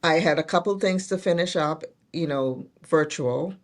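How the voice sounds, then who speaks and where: A woman's voice: deep voice, normal speed. A middle-aged woman, a guest in a casual interview, telling her story earnestly with many restarts. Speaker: guest, nurse executive.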